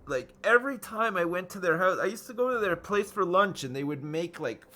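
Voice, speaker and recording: A man's voice: sits high, expressive, brisk, pushed and bright. A man streaming a video game live, chatting casually with his viewers and swearing freely. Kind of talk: live commentary over gameplay.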